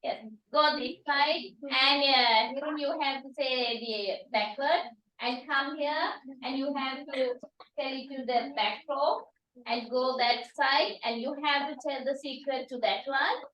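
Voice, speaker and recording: A woman teacher directing pupils where to stand, in a halting way. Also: sits high, fairly even intonation, dull audio. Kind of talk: classroom instruction. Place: classroom. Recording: echoey room, far from mic.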